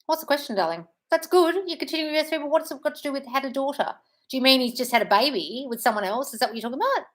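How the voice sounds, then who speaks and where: A woman's voice: high-pitched, animated, fast talker, a bit bright. A woman hosting a live Q&A as a manifestation coach. She reads out viewer questions and answers them in a frank, breezy way, calling her listeners "darling". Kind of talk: casual live-stream chat, reading viewer questions.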